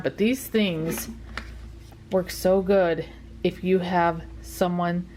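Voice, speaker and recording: A woman's voice: fairly low pitch, steady tone, slow, a little mellow, a little hiss or hum. A middle-aged woman talking casually to her viewers, tired and yawning, chatty and rambling with many ums. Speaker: dog channel vlogger. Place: at home.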